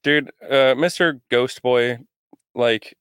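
A man's voice: mid-range voice, takes it slowly, a bit bright, clean tone, no echo, studio quality. A young man co-hosting a comedy podcast, blunt and mocking, swearing often. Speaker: podcast co-host. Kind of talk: crude comedy podcast banter.

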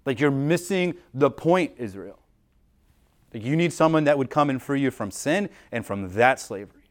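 A man's voice: medium pitch, animated, moderate pace. A man preaching a sermon as a pastor in an informal, explanatory way, often restarting phrases and leaning on "like" as he works through the text. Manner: casual and explanatory, frequent "like" and restarts. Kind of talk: conversational sermon.

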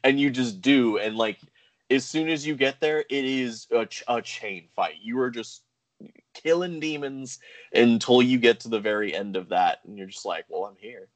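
A man's voice: mid-range voice, moderate pace, dry recording. A man co-hosting a casual game review podcast, rambling with lots of "like" and "um". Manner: rambling, full of "like" and "um". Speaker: podcast co-host.

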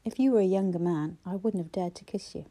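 A quick-witted, sharp-tongued young woman from a novel, full of teasing banter, voiced by the woman narrating. Her tone is mellow and dark rather than bright. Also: fairly low pitch, lightly acted. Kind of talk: audiobook character voice.

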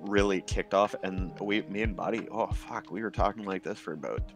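A man's voice: lowish voice, a little fast, faint music behind. A man in casual chat, laid-back, swearing often and laughing a lot.

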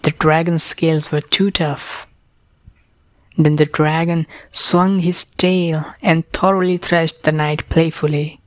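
A woman narrating a storybook tale in a calm, even reading. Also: low voice, slow, dry recording.

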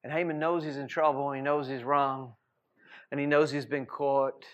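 A man preaching a sermon as a lively storyteller, with frequent laughs and rhetorical asides. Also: mid-range voice, normal speed, lo-fi sound. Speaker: pastor.

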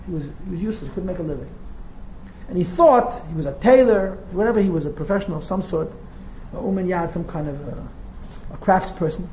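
Teacher, male, lively storyteller with asides, roomy classroom sound, faint hiss. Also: high voice, a little fast. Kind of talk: storytelling lecture. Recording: roomy echo with faint noise.

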